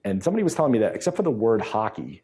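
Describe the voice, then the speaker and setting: A man's voice: lowish voice, sing-song, rapid-fire, dark tone, slightly rough. A man from New England giving a casual conference talk and taking questions, with many fillers and restarts. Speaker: conference speaker. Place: conference room.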